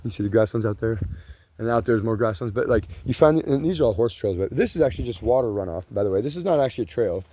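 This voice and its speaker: A man's voice: fairly low pitch, animated, fast, mellow, slight background noise. A man, rambling casually and profanely while pacing along grassland trails outdoors. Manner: rambling, profane, says "you know" and "bro" a lot. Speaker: vlogger.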